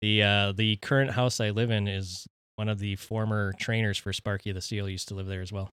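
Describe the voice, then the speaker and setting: An easygoing man from Minnesota chatting on a podcast in a dry way. His voice is low and smooth. He is recorded close and dry in a studio. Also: level tone, brisk, a bit bright, no echo. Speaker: podcast co-host. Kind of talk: casual chat.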